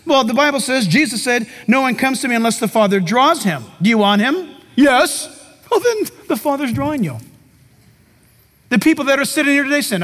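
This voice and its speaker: Man, pastor, high voice, emphatic animated sermon, comic asides, long hall reverb. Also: fairly quick.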